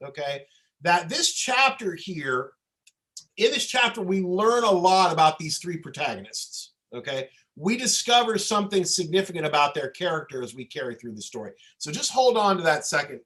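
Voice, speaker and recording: A man's voice: sits high, fairly bright tone, rough recording. A man leading a Torah study lesson as rabbi on a video call, talking conversationally and often checking in with "okay?" and "right?". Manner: frequent restarts, winding explanation.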